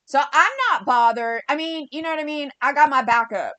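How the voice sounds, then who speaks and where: Woman ranting on her vlog, kinda high voice, dry close mic. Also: sharp tone, no room sound, dull audio. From California. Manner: heated, fast ranting with quoted dialogue. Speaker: vlogger.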